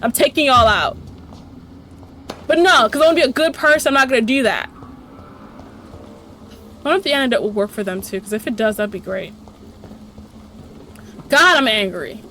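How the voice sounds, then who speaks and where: Woman let's-play host: high voice, profane, sarcastic ranting commentary. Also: brisk, pauses often, bright, forceful tone, a little hiss or hum. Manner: talks to the game characters. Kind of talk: gameplay commentary.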